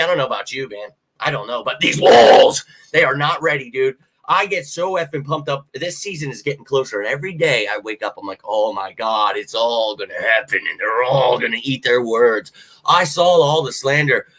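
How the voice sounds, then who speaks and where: A young adult man hosting a live sports fan show, ranting in a profane, animated, casual way to his viewers. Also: fairly high pitch. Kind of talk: fired-up livestream fan talk.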